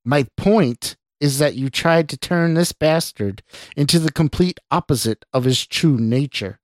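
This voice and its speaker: A man's voice: a little high, a little slow, no room sound, clean studio sound, pitched above the performer's own voice, lightly acted. A man voicing a nervous young male scientist who stammers and pleads defensively, in a story reading. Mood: explaining. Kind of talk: audio drama reading.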